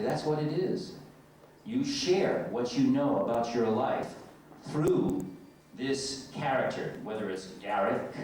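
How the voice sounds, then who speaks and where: A middle-aged man from the United States, an actor telling stories on stage as a convention guest, lively and self-mocking. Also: medium pitch, slight background noise. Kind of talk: on-stage storytelling. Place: large convention hall. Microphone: distant camcorder in audience. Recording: echoey hall from far off, faint ambience.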